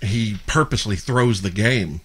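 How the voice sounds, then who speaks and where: A man's voice: on the low side, moderate pace, husky. A man on a podcast, chatting casually and acting out lines as he retells a movie scene. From of Norse and Celtic descent. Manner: animated storyteller, acts out movie lines. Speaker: podcast host. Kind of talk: casual chat.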